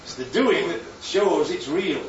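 Lively northern preacher in an echoey church. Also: male voice, on the high side, a little slow, a crowd in the background. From northern England. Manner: chatty, jokey, asks the congregation questions. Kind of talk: sermon. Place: church hall. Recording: echoey church room, distant mic, dull sound.

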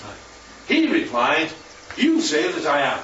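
This man's voice sits on the high side and swoops wildly in pitch, moving a little slowly with a fairly bright tone. He's teaching a casual Bible class with slides, chatty and often checking on his listeners, heard through a distant, roomy, muffled hall recording with slight background noise.

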